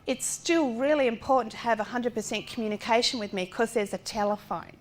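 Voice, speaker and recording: A fairly high-voiced middle-aged woman speaks to a class as the parent of a disabled child. She is blunt and lively, asks pointed rhetorical questions and slips into the voices of the people she describes. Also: a little fast, slight background noise. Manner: direct and forthright, with rhetorical questions; animated, acting out other people's lines. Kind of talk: lecture talk drawn from personal experience.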